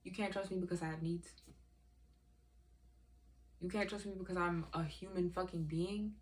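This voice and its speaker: A woman ranting in a vlog, profane, heated and exasperated as she tells her story. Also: lowish voice. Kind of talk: emotional rant vlog.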